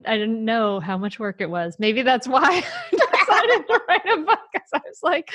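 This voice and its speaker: A middle-aged woman, an author and parenting coach, talking in a casual interview, animated, laughing often and restarting her sentences. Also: fairly high pitch, moderate pace, no room sound.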